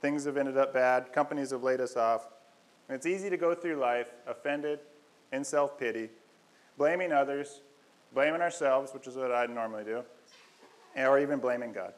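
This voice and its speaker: A man's voice: mid-range voice, brisk, poor audio. Self-deprecating man giving a casual sermon. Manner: self-deprecating, conversational and joking. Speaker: lay preacher.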